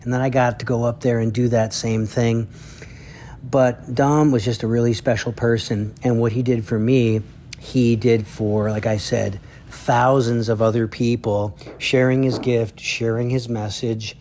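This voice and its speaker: A man's voice: mid-range voice, level tone, measured pace, darkish tone, a little hiss or hum. A man, a drummer and educator, telling heartfelt stories in a spoken tribute. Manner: earnest storytelling.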